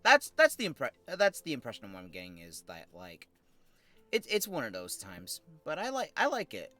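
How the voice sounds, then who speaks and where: A male streamer chatting over his gameplay, his voice bright and bouncing animatedly up and down. He rambles and hesitates with plenty of fillers, tired and slurring slightly from a sore tongue. Faint game music runs behind him. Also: mid-range voice, wildly swooping pitch, moderate pace. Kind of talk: casual livestream commentary.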